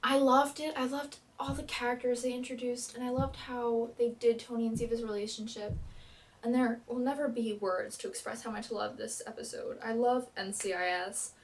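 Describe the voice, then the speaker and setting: A young woman recapping a TV episode as a fan vlogger, gushing and dramatic, with quick swings in loudness. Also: fairly high pitch, level tone, far from the mic.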